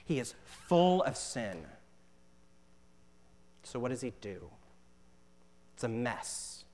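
A man preaching a sermon as pastor, earnest, slowing down to stress scripture lines. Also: mid-range voice, very animated, darkish tone.

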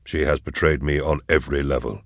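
A grave, hardened male investigator speaks few words in a very deep, lowered voice. The sound is close and dry. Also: steady tone, a little fast, no echo. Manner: grave, terse. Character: grim, stern veteran male investigator.

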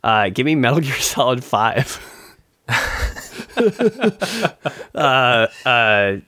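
A man co-hosting a podcast rambles in casual chat, full of fillers and restarts, and laughs often. His mid-range voice is pushed and bright yet clear and resonant, at a measured pace. The recording is dry, clean studio sound.

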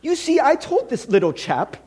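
A man's voice: very high-pitched, wildly swooping pitch, moderate pace, darkish tone, pitched above the performer's own voice, exaggerated voice. A man voicing an irritable male ghost with a British accent, in a snappish, whiny manner. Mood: apologetic.

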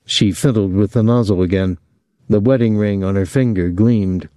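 A male audiobook narrator reads scripted narration in a low, mellow voice at normal speed. The studio sound is clean, with no echo.

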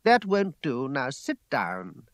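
A man reading aloud gives a passionate, imperious young woman a higher, louder, emphatic voice. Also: huge pitch swings, slow, no echo, exaggerated voice. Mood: challenging.

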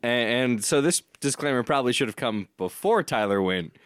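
A man's voice: mid-range voice, expressive, fairly quick, clear, resonant tone, dry recording, studio quality. A man co-hosting a casual podcast who explains the game rules and cracks crude jokes. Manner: laid-back, explains the rules, crude humor. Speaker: podcast co-host running the game. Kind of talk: casual chat over a party game.

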